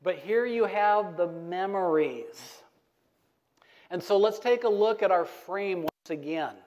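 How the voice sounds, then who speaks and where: A man's voice: sits high, expressive, slow, darkish tone, lo-fi sound. A middle-aged man preaching a sermon in a church, asking the congregation questions and waiting for their answers. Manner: call-and-response preaching, asks the congregation questions. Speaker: pastor. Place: church sanctuary.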